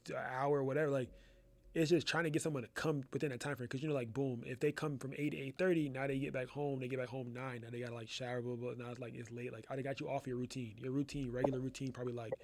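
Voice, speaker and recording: Young male class host, gravelly and dry-sounding, loose rambling slang. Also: mid-range voice, flat delivery, fast, no echo. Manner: loose, rambling, slangy, says "bro" a lot. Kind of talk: casual live-stream chat. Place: his photo studio.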